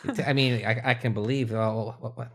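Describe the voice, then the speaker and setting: A man's voice: medium pitch, normal speed. A man playing a tabletop game, stammering his way through questions in character. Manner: stammering, lively speech. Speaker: player. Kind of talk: tabletop role-play in character.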